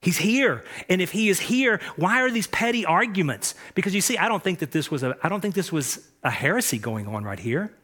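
Male pastor, slightly high voice, emphatic sermon delivery with repeated phrases. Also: expressive, a little fast, hardly any pauses, breathy edge. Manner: emphatic preaching, swings between soft and loud; repeats key phrases, frequent restarts.

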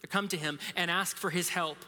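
Preacher, thirties, high crisp voice, chatty anecdotes, echo of a large church hall. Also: male voice, steady tone, a little fast, pushed and bright. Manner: conversational storytelling with self-deprecating humor. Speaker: pastor. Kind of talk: sermon. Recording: reverberant hall.

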